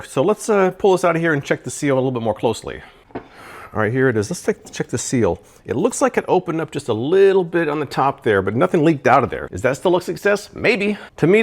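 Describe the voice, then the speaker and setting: Lively chatty man reviewing kitchen gadgets. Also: mid-range voice. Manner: chatty, thinking aloud while he cooks. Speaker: product reviewer. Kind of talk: casual cooking review vlog. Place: home kitchen.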